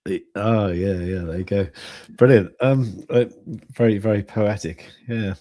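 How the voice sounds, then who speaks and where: A man's voice: lowish voice, measured pace, warm tone, no echo. A man hosting a casual livestream chat, jokey and chatty, laughing often.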